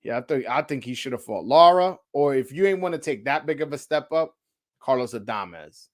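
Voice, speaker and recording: A man riffing on his show in a loose, fired-up rant, his pitch leaping around. He swears freely, fires off rhetorical questions and doubles back on his words. The pitch sits mid-height for a man. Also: normal speed. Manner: animated, profane, rhetorical questions, repeats himself. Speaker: boxing commentator, show host. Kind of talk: casual opinion rant.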